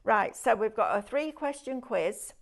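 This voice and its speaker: A woman's voice: a little high, animated, measured pace, vocal fry. A woman co-hosting a live craft shopping show, chatty and jokey.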